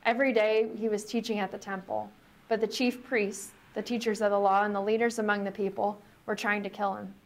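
A woman pastor reading scripture aloud and preaching in a reflective, conversational way, slowing down for emphasis. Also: medium pitch, level tone.

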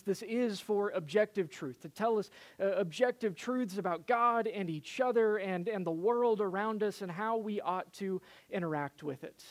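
Preacher, sermon storytelling, hesitant delivery with fillers, mid-pitched voice. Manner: hesitant, lots of "uh" fillers and restarts.

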